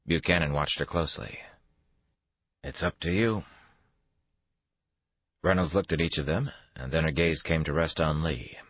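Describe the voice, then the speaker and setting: A man with a very low, husky voice narrates an audiobook thriller. His read is steady and even. The sound is dry and somewhat dull. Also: a little fast, hardly any pauses, no room sound. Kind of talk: scripted narration.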